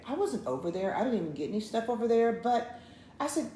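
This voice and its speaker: Animated woman telling a story. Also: medium pitch, fast talker. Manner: animated, acts out the dialogue in her story. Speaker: co-host of a couples show. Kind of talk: casual storytelling to viewers. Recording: roomy, with faint background noise.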